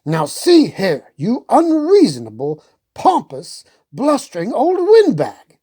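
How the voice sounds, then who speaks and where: A woman voicing a fatherly old king who pleads in a measured way. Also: medium pitch, sing-song, warm tone, husky, voice pushed up. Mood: angry.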